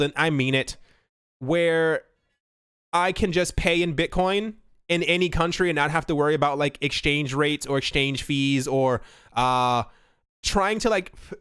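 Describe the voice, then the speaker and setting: Chatty man with a smooth, dry voice. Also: fairly high pitch, fairly bright tone, no echo. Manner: chatty, rambling asides with fillers. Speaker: crypto news host. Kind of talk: casual commentary.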